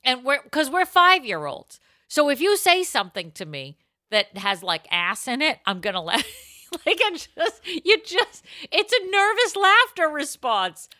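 A woman co-host talks in a bright, dry, close-miked voice. Her pitch jumps around a lot as she acts out quotes and breaks into laughter while telling stories. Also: measured pace, no echo. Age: adult. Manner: animated, bursts into laughter and acted-out quotes. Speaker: podcast co-host. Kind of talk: casual chat and reading advice letters aloud.

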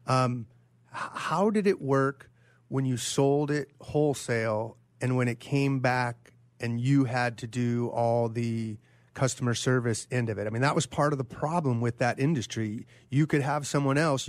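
A man's voice: mid-range voice, dry recording. A man co-hosting a podcast, asking long, hesitant questions with many restarts. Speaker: co-host. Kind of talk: casual interview chat.

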